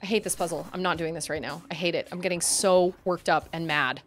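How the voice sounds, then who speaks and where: A young woman streams a video game with soft music behind her, chatting casually in a lowish, fairly even voice. She talks briskly with hardly any pauses, breaking into frustrated outbursts and groans at the game.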